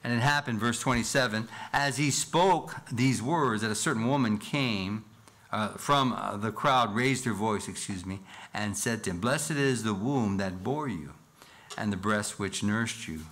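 A man's voice: fairly low pitch, normal speed, fairly bright tone. A man preaching a sermon in church as pastor, earnest, with rhetorical questions and a rising, emphatic reading of scripture. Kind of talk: expository sermon.

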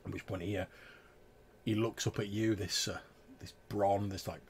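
A man's voice: lowish voice, little pitch movement, normal speed, slight background noise. A man narrating a tabletop game as game master, rambling through descriptions full of fillers.

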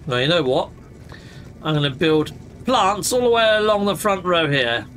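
Animated gaming host. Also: male voice, a little high, moderate pace, faint music behind. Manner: chatty, exclamatory, minced swearing. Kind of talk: casual gameplay commentary.

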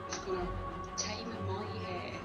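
A woman who is not a native English speaker, chatting in a rambling, halting, playful way through a cosplay makeup tutorial. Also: medium pitch, steady tone. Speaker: cosplay vlogger. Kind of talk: casual makeup tutorial chat. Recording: music playing over the voice.

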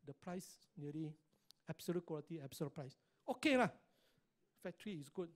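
A man's voice: fairly high pitch, animated, fairly quick. A middle-aged man with a Singaporean English accent gives a motivational talk at a business meeting, pressing the audience with constant checks for agreement. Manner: emphatic, keeps asking the audience "right?" and "correct or not?".

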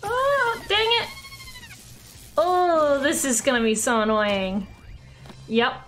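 Australian woman, live game streamer, unhurried delivery, quick to exclaim and laugh. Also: sits high, expressive, fairly bright tone, soft background music. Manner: exclaiming, laughing, swearing at mistakes. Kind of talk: live gameplay commentary.

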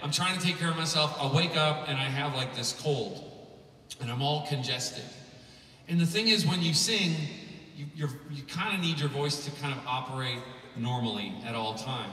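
A man in his thirties gives a rambling, joking keynote full of fillers, his voice bright and forceful. He is picked up from a distance in a big conference hall with a long, roomy echo. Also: fairly high pitch, normal speed, a little hiss or hum. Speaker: musician giving a keynote. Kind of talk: humorous conference talk. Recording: echoey hall, from far off.

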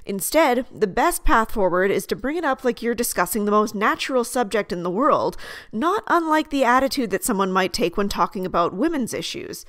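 A woman hosting her own video essay, reading a measured, articulate scripted commentary. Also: on the high side, lively intonation, a bit bright, no echo, clean studio sound.

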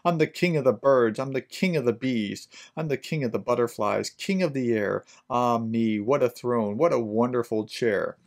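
A man's voice: medium pitch, moderate pace, gravelly, few pauses, a little mellow, lightly acted. A man voicing an arrogant male turtle king who speaks in proud, grandiose declarations. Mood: boastful.

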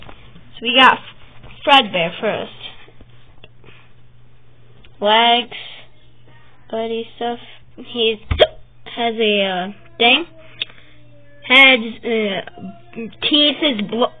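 A woman hosting a casual vlog, chatting and rambling as she shows her drawings, with the hiccups and bursts of excitement. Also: on the high side. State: has the hiccups. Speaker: channel host showing her drawings. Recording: tinny phone-like sound with faint noise.

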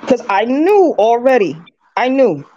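High, lively woman telling blunt stories. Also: a little slow, slight background noise. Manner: blunt, candid, laughs at herself. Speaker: interview guest. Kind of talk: candid storytelling. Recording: dull lo-fi clip audio.

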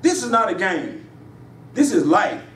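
A man preaching a sermon in a church, with emphatic call-and-response delivery that rises in pitch on his punchlines. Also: big pitch swings, measured pace, a bit bright, distant mic. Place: church sanctuary. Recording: echoey church room, voice from afar, faint hiss.

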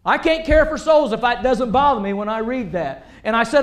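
A man preaching a sermon, animated, swinging between loud emphasis and quiet asides. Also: very high voice, a little fast, roomy sound.

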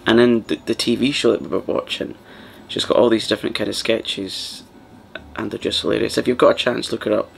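A man hosting a soft-spoken ASMR chat, rambling and partly whispering as he talks. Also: lowish voice, fairly even intonation, brisk, creaky, slight background noise. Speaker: ASMR channel host.

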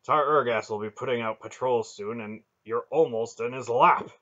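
A man reading an audiobook, voicing a blunt, hoarse male trader loudly and bluntly. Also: mid-range voice, moderate pace, highs cut off, natural voice. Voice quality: hoarse, gruff.

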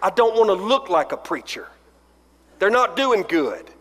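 Man, forties, preacher, joking storyteller, high voice, reverb-heavy chapel hall. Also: big pitch swings, measured pace, a bit bright. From Alabama. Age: 40s. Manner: storytelling, self-deprecating jokes, acts out dialogue. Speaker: pastor. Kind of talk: humorous chapel sermon. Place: large chapel.

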